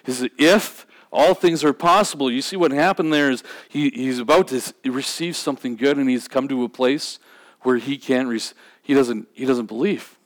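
A man's voice: mid-range voice, normal speed. A man preaching a sermon in a conversational way. He often repeats words and restarts his sentences. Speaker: pastor.

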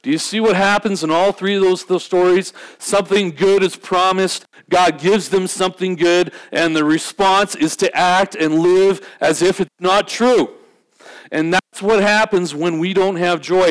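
A man preaching a sermon in a conversational way. He often repeats words and restarts his sentences. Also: high-pitched. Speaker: pastor.

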